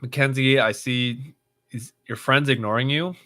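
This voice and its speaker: A man hosts a casual livestream, reading viewer comments and answering them off the cuff. His voice is bright, and his pitch sits in an ordinary middle range. He rambles with plenty of fillers and restarts. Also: fairly even intonation, normal speed. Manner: chatty, rambling, reads viewer comments aloud with frequent fillers. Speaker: livestream host.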